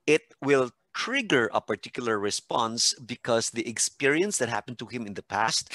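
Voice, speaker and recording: Male podcast explainer, animated delivery that walks through examples, lively pitch. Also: no echo. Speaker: podcast co-host, doctor explaining psychology.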